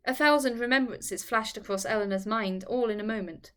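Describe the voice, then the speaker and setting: A woman reading a classic novel aloud as narrator in a measured, formal manner. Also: a little high, a bit bright. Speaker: audiobook reader.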